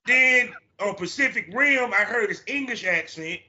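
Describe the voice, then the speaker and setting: A man hosting a podcast in casual chat, animated and profane, acting out his own reactions. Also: high-pitched, measured pace, muffled recording. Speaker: podcast host.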